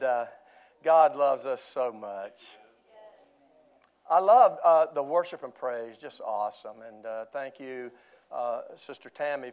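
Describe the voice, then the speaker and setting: An older pastor with a medium-pitched, darkish voice delivers a sermon in church. He spins jokes and stories throughout, chuckling often.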